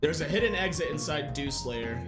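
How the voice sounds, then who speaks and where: Excitable streamer yelling over game music. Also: mid-range voice, normal speed. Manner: loud, excitable yelling, swearing and laughing. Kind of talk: live gameplay commentary. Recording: roomy room with game music.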